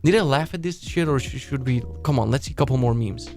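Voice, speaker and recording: A young man hosting a web development live stream, ranting in a casual, excitable, profane and rambling way. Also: mid-range voice, fast talker, faint music behind.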